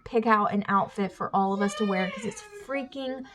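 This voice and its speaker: A young woman with a Southern Alabama accent, a family vlogger, talks casually to her camera at home near her kids in the bath. Her mid-range voice swings widely in pitch at a normal speed over a noisy background. She's chatty and rambling, full of fillers, and says "y'all" and "like" a lot.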